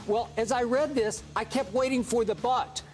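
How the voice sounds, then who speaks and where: High voiced guy on a sports debate show, fired up, keeps pushing his point. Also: steady tone, moderate pace, darkish tone. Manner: emphatic, rises in pitch when worked up.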